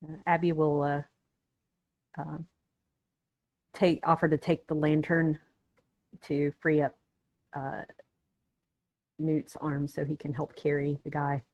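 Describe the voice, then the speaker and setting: A woman's voice: low voice, level tone, slow, long pauses, darkish tone. A woman speaking as a player in a tabletop game, hesitant with fillers. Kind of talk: casual tabletop play.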